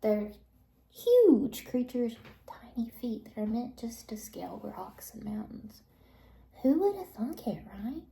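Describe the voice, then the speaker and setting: A woman talking casually to her viewers in a rambling way, full of fillers and soft whispered asides, recorded with echo. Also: on the high side, very animated, a little slow, creaky, a little hiss or hum. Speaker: vlogger. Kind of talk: casual monologue. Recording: echoey recording.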